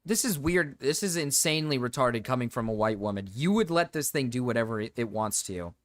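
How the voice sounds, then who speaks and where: Excitable young man streaming, dry sound. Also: a little fast, no echo. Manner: excitable, swears, frequent laughter, sudden high yelps. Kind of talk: live-stream reaction commentary.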